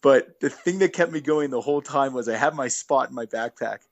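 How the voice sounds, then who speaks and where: A man's voice: mid-range voice, fairly quick, gravelly, lo-fi sound. A man guest on a podcast, telling long stories in an easygoing, rambling way with many fillers and restarts. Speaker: guest, long-distance hiker. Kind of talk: casual interview storytelling.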